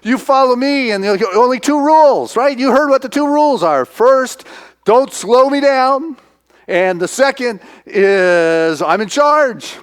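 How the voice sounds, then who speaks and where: A man voicing a blunt, gruff young drifter who talks in a brusque, impatient way. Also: very high-pitched, expressive, unhurried, pitched above the performer's own voice. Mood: bossy.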